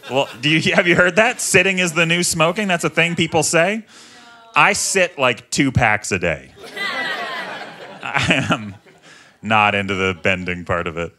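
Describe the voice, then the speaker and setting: Stand-up comic, thirties, man, self-mocking and animated, voice swings a lot. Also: on the high side. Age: 30s. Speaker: stand-up comedian. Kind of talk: stand-up comedy set. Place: comedy club stage with audience.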